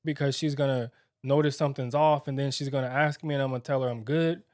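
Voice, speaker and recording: A man's voice: mid-range voice, steady tone, a little mellow, no echo, studio quality. A young man co-hosting a married-couple podcast, talking candidly and reflectively, with many fillers and restarts. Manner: reflective, halting, filler-heavy. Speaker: podcast co-host.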